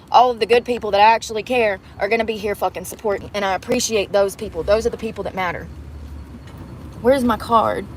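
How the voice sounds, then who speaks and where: A woman's voice: medium pitch, slight background noise. A woman live-streaming from inside her car on a phone camera, chatting to viewers in a casual, profane way. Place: inside a parked car at a drive-thru.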